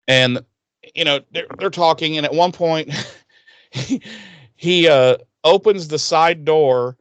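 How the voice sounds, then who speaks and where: A man telling a TV episode back to his co-host, swearing freely and jumping into quick impressions of the characters. His voice is smooth and resonant, and it sounds close and dry, with no room around it. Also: mid-range voice, dry recording. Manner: animated, swears a lot, acts out characters' lines. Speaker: podcast co-host recapping an episode. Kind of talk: casual profane episode recap with quoted voices.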